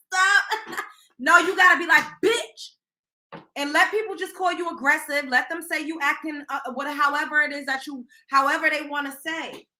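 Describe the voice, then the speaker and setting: A high-pitched, bright young woman gives her blunt take on celebrity gossip, cursing freely and acting out what people said in an animated way. Her voice rings out in an echoey room. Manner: blunt, animated, swears freely, acts out quotes. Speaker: host of a celebrity gossip livestream. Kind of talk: casual opinionated commentary.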